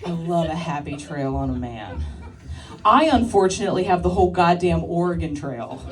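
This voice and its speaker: A woman's voice: on the low side, expressive, normal speed, far from the mic. A woman in her thirties doing a stand-up comedy set, working the crowd with brash, crude banter and frequent laughter. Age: 30s. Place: live club stage with audience.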